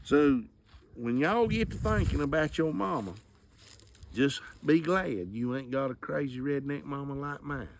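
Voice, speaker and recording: A man telling a comedy story, animated and acting out sound effects. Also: medium pitch, a little slow, a little hiss or hum.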